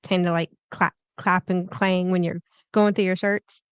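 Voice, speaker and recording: A woman's voice: on the low side, a little slow, smooth, no echo, highs cut off. A woman guest on a podcast telling a funny story in casual chat, laughing often. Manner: giggly, animated storyteller.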